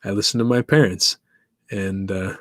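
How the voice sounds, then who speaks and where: A man's voice: low-pitched, fairly even intonation, moderate pace, no room sound. Chatty musing man, dry close sound. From East Africa. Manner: musing, chatty, laughs often, asks listeners questions. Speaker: podcast host. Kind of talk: casual solo monologue.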